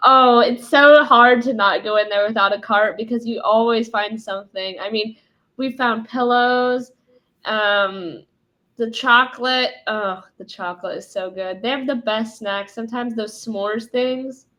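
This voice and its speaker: A woman's voice: on the high side, unhurried, bright, forceful tone. A young woman co-hosting a casual chat with her father, talking with chatty enthusiasm. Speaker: podcast co-host, daughter.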